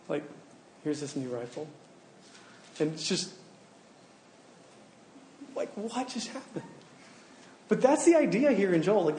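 A man preaching in a relaxed, chatty way. His voice sits a little high, and it is full of filler words. The sound carries a noticeable room echo. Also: slight background noise. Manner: casual storytelling with many "like" fillers. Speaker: pastor. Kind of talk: sermon.

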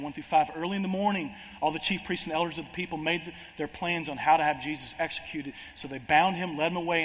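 Impassioned preacher in a hall. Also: male voice, on the high side, fairly bright tone, slight background noise. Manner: impassioned, repetitive restarts, acts out quotes. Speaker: pastor. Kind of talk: sermon. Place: large church hall. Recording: long hall reverb, faint ambience.

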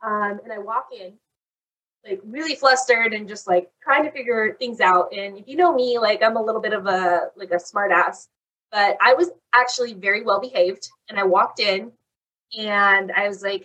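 A young woman casually telling a long story on a chat podcast, animated and saying "like" constantly. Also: mid-range voice, moderate pace. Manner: animated, fills talk with "like". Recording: voice a bit far from the mic.

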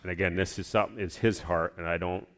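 A man's voice: low voice, steady tone, fast talker, a bit bright. A man giving a personal testimony to his church, telling a story in a rambling, heartfelt way.

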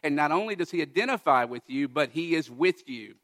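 A man's voice: a little high, lively intonation, brisk. Earnest male pastor preaching. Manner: earnest, builds to emphatic peaks then drops to soft, quiet tones. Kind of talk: sermon. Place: church.

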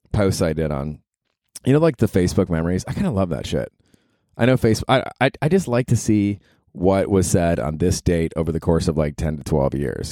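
On his solo podcast, a New York man in his forties talks in a low, warm voice. The studio-quality recording is dry, and his casual monologue wanders, laced with swearing and self-deprecating jokes.

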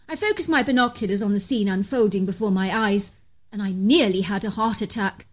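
Telling a scripted bedtime story from a first-person view, a woman's voice slows and climbs higher during the tense parts.

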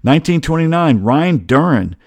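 A man's voice: on the high side, very animated, moderate pace, no room sound. A middle-aged man from Georgia hosting a casual on-this-day sports history rundown, rambling and digressing as he loses his train of thought. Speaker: sports talk host.

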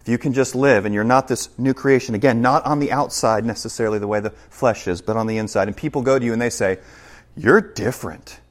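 A man preaching a sermon in a church as pastor, emphatic, shifting between loud passages and hushed ones. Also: medium pitch, quick pace, hardly any pauses.

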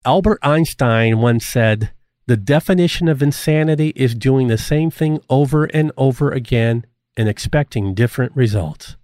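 A middle-aged man teaching an online course, speaking in an earnest, deliberate way and rising in pitch on the points he stresses. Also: a little mellow, no room sound. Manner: earnest, deliberate delivery with emphatic rises. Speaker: course instructor. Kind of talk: scripted course lecture.

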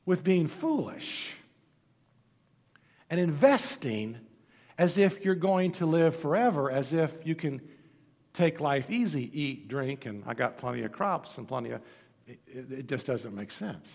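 A male pastor preaching a sermon and telling stories, moving between loud emphatic lines and hushed, low passages. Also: expressive, a little slow, vocal fry. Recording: long hall reverb.

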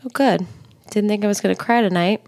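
A woman co-hosting a casual chat podcast, gushing and excitable, quick to swoon over what she sees. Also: medium pitch, vocal fry, dry recording. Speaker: podcast co-host.

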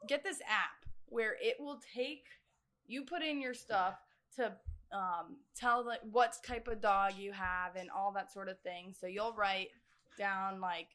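A woman's voice: medium pitch, a little slow, a bit bright. A young woman, a guest, chatting casually in a bar with a laid-back, filler-heavy way of talking. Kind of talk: casual chat.

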